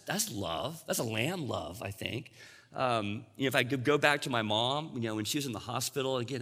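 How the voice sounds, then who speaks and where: A man preaching with a bright, forceful voice that rings out through a long hall reverb. He talks to his congregation casually and keeps checking in with them as he goes. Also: medium pitch. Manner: conversational, checks in with "all right?" and "you know". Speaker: pastor. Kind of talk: sermon.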